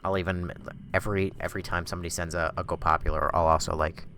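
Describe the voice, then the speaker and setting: A man streaming a video game, joking with chat and talking to himself, with sudden loud outbursts. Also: deep voice, flat delivery, quick pace. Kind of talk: live gameplay commentary.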